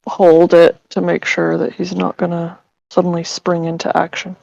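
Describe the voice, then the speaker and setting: A woman's voice: fairly low pitch, completely flat delivery, moderate pace, creaky, darkish tone, no echo, highs cut off. A woman playing in a tabletop game, talking casually with a hesitant, filler-heavy manner. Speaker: player.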